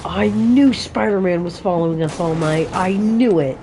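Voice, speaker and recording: A woman's voice: fairly low pitch, normal speed, over music. A woman co-streaming a game, laughing often and making up absurd stories. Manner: giggly, absurd storytelling, frequent laughter. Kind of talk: casual joking banter over gameplay.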